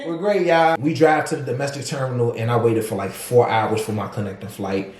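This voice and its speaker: An American man spins a travel story in relaxed, slangy chat, laughing and slipping into voices for the people he met. His voice sits at an ordinary pitch for a man. The room around him rings with noticeable echo. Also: brisk. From United States. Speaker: vlog co-host. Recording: roomy echo.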